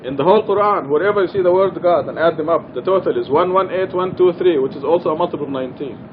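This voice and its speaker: A Quran study teacher leads a religious lecture in a mosque, speaking fast in an earnest, emphatic way and repeating his main points to drive them home. His voice sits a little high for a man, and the dull, lo-fi recording carries a faint rumble beneath it.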